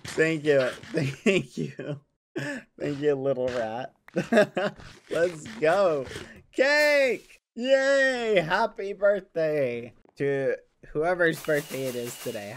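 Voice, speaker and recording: A man's voice: medium pitch, expressive, slow pace, a little hiss or hum. A young man streaming a game, gushing over gifts with clean stand-in swears, many "aw"s and much laughing. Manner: says "aw" again and again, laughs often. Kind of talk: live game stream chat.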